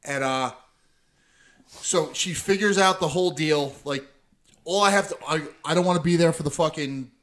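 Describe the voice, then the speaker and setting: A man's voice: a little high, moderate pace, fairly bright tone. A middle-aged man telling heated, profane stories in a casual chat, acting out the people in them. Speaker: podcast co-host.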